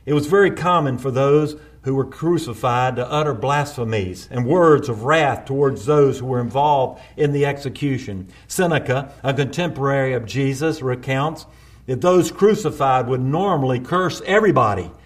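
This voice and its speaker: A male preacher delivering a sermon, building intensity through repeated refrains and slowing down for quoted prayers. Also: medium pitch, lively intonation.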